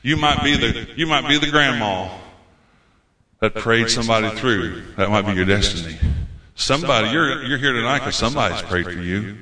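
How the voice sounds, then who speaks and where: A man's voice: medium pitch, normal speed, sharp tone. A man preaching a fervent, folksy sermon as a visiting preacher, repeating his phrases for emphasis. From United States. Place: church hall. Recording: roomy church hall.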